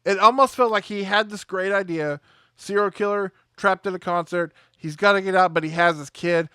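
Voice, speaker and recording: High-voiced man riffing sarcastically. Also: moderate pace, sharp tone, clear, resonant tone, dry recording, studio quality. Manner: rambling, sarcastic, acts out scenes in voices. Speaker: movie review show host. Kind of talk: casual chat.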